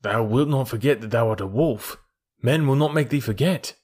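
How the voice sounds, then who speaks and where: A man's voice: mid-range voice, animated, moderate pace, close to an everyday voice. A man voicing a loyal, anxious young male wolf who speaks earnestly in old-fashioned words. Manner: earnest, archaic speech.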